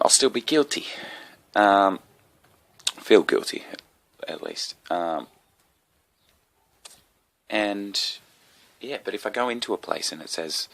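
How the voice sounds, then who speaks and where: A man's voice: on the low side, gravelly, fairly bright tone, no room sound. An Australian man with a sick, coughing voice, hosting a rambling solo comedy podcast full of swearing and asides.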